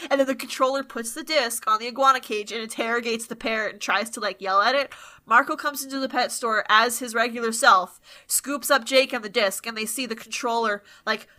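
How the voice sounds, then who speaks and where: A chatty woman hosting a podcast, recapping episodes with laughs and the odd swear. Her voice sits a bit high and sounds bright and forward. The talk is loose and casual. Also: fairly even intonation, fairly quick. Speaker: podcast host.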